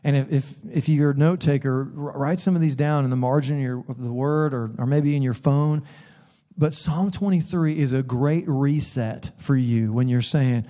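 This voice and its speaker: Warm-voiced pastor preaching with playful energy. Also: male voice, mid-range voice, normal speed. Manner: storytelling with laughs and bursts of emphasis. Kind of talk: sermon. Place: church sanctuary.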